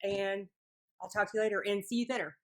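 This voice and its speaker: A woman guest speaker giving an energetic, faith-filled pep talk to a support group over a video call. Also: mid-range voice, quick pace.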